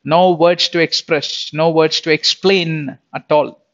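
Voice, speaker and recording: A man's voice: fairly high pitch, steady tone, takes it slowly, fairly bright tone, highs cut off. Chatty man teaching the Bible. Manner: chatty, laughs often, repeats words.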